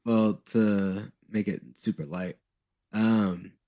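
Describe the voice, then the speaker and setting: A man co-hosting a podcast in casual chat, speaking haltingly with many fillers. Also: fairly low pitch, fairly even intonation, dark tone. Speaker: podcast co-host.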